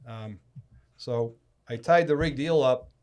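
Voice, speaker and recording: A man's voice: medium pitch, slow, clear, resonant tone. A middle-aged man from Massachusetts telling a casual story as a podcast guest, acting out the people he quotes. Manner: animated storyteller who acts out quoted people.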